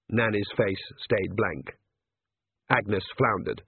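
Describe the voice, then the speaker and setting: A man reading a novel aloud as narrator, in measured, even storytelling. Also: on the low side, gravelly, slightly rough, dry recording. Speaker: audiobook narrator. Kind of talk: scripted narration. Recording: dry, narrow phone-like band.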